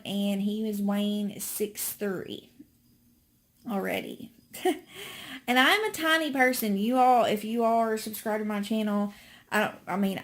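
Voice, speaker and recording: A pregnant woman giving a casual, chatty update to her channel, a little out of breath, with many ums and restarts. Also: mid-range voice. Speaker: vlogger.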